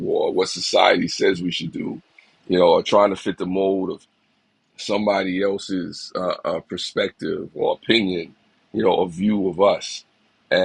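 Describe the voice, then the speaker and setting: Deep gravelly man encouraging his livestream. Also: no room sound, rough recording. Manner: reflective, encouraging, greets viewers by name. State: a little sick, slight cough. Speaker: livestream host. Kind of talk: casual motivational livestream talk.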